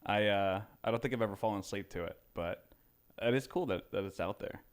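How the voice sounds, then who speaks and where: A man co-hosting a podcast in casual, animated, rambling chat. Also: on the low side, fairly quick, clean tone. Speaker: podcast co-host.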